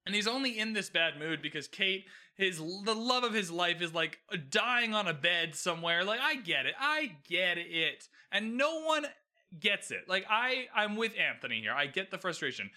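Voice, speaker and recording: Brief: a male recapper with a high, bright voice and lively pitch swings, ranting hard with plenty of swearing. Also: normal speed. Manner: swearing, emphatic, opinionated ranting. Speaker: TV recap host. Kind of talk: casual recap commentary.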